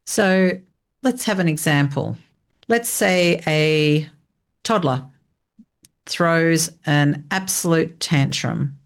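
Woman, very low pitch, casual interview host. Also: takes it slowly. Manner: conversational, brief affirmations. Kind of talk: interview questions.

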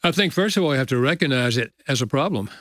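A man's voice: medium pitch, animated, fast, fairly bright tone, dry recording, clean studio sound. Earnest older man telling a story. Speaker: guest author. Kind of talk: casual conversation, storytelling.

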